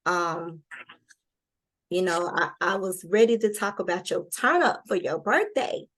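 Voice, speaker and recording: A woman hosting a relaxed interview chat. She talks in quick, animated bursts with plenty of colloquial turns of phrase. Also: on the low side. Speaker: interview host.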